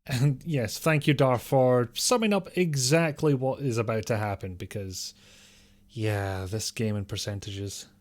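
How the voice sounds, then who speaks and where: A man's voice: mid-range voice, a little slow. A man streaming a game live, rambling casually and answering his chat with the odd mild swear.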